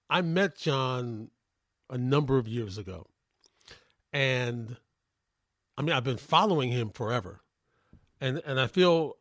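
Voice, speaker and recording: A man's voice: mid-range voice, dry recording. A man in his sixties hosting a sports radio show, speaking in a rambling, admiring way with many fillers into a studio microphone. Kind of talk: radio talk show monologue.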